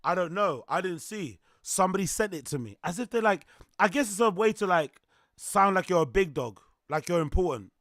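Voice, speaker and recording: A man talks over clips in a high, lively voice, rambling and laughing easily. He sits close to the mic in a dry, dead-sounding space. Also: a little fast, dry recording. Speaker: streamer host. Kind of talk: casual reaction commentary.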